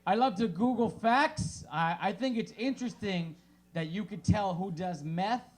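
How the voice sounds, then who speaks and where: A man in his thirties doing a stand-up comedy set of deadpan one-liners on a small bar stage, through a handheld mic. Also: high-pitched, measured pace.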